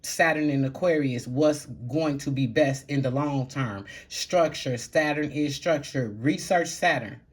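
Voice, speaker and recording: A woman doing a casual tarot reading to camera, talking bluntly in slang and swearing freely, moving between calm stretches and loud outbursts. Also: sits low. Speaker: tarot reader.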